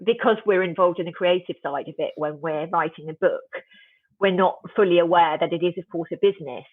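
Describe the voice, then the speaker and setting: A woman's voice: fairly low pitch, fairly quick, no echo. A woman, a guest author, talking reflectively in an interview, often restarting her sentences. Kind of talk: conversational interview. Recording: tinny dry phone line.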